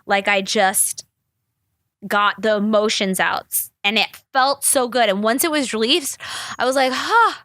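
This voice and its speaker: Bright-voiced woman, candid podcast host. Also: medium pitch, steady tone, unhurried, dry recording, clean studio sound. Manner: rambling, profane, emotional and confessional. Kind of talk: candid solo podcast talk.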